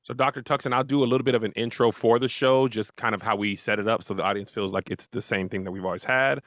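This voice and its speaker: A man's voice: on the low side, fairly even intonation, quick pace, a bit bright, dry recording, clean studio sound. A man hosting a talk show in a loose, joking way, introducing a guest and asking questions. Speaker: host.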